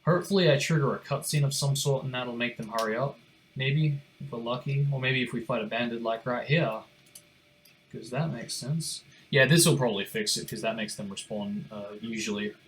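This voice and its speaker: A young man talking through a game run in casual commentary, at a middle pitch. He rambles, mutters to himself and swears offhandedly as he plays, with a faint hiss behind him. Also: normal speed, a bit bright. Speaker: gaming streamer.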